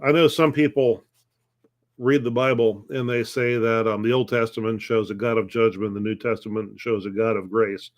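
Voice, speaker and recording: A man's voice: lowish voice, fairly even intonation, normal speed. Man pastor asking questions and musing. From United States. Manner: thoughtful, asks questions and answers them, restarts phrases. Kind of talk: conversational Bible lesson.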